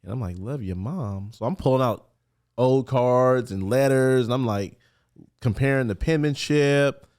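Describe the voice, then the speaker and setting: A man's voice: mid-range voice, unhurried, darkish tone. A man who is a podcast guest, candidly and earnestly telling his personal story in casual street talk in a studio.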